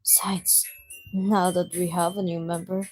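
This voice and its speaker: Soft, hushed shy teen bookworm girl for a game read-through, voiced by a man; quiet and measured, a touch high. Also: level tone, soft background music, low-quality recording.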